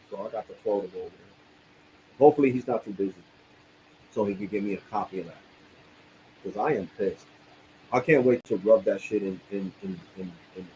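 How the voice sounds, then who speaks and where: A man's voice: lowish voice, a little mellow, a little hiss or hum, poor audio. A young man live-streaming, venting angrily with lots of cursing and repetition. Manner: angry, profane, repetitive venting. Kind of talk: casual live-stream rant.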